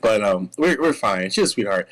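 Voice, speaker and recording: A young man telling a long personal story in casual chat, rambling and restarting often, animated. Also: lowish voice, moderate pace, poor audio. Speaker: guest.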